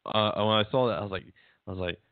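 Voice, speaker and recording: Texas guy chatting sports, kinda gravelly, low, dry tinny line. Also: quick pace, no room sound. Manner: rambling, restarts often, laughs at own jokes. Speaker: podcast co-host. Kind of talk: casual sports chat.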